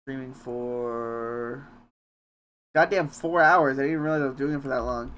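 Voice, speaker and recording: A young man streaming a game from home, chatting casually in a rambling, halting, self-deprecating way with some swearing. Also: mid-range voice, fairly bright tone. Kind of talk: casual live-stream chat while gaming.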